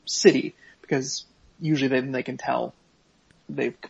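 Husky, sarcastic man on a podcast. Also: medium pitch, steady tone, unhurried. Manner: sarcastic, profane, mock-dramatic reading. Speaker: podcast co-host. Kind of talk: casual podcast banter, reading an email aloud. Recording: slightly dull lo-fi podcast audio.

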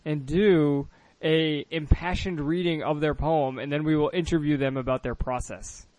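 A man's voice: on the high side, fairly even intonation, normal speed, darkish tone, no room sound. A man co-hosting a podcast, teasing his friend and announcing segments. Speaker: podcast co-host. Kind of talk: casual podcast banter.

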